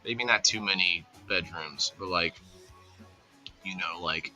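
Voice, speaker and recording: A man's voice: low-pitched, a little slow, sharp tone, faint music behind. A man hosting a casual livestream, rambling in an easygoing way and greeting viewers by name. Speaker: livestream host.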